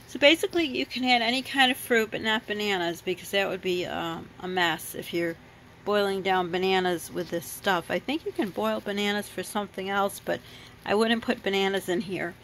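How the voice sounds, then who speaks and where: In a home kitchen, a woman who grew up in another country chats through her fruit and vegetable haul, rambling with lots of ums and self-corrections. Her mid-range voice is a bit bright, and the low-quality recording carries a little hiss or hum.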